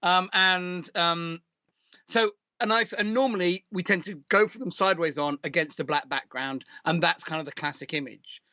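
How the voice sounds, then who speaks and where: A man from the UK co-hosting a casual chat, giving measured, critical photo reviews. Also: sits high, bright, forceful tone, dry recording. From United Kingdom. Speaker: co-host. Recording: dull lo-fi sound.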